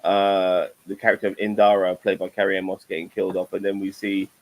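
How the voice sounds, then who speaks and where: Rambling, profane man with a lowish voice. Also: completely flat delivery, fairly quick, low-quality recording. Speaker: host of a TV review show. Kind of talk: casual chat.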